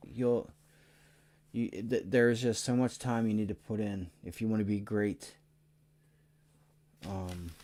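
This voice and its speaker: Man, low-pitched, tired, energetic, casual livestream chart talk. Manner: energetic and excitable, swearing, talking to chat. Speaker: stock trading livestream host. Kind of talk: casual live chart commentary.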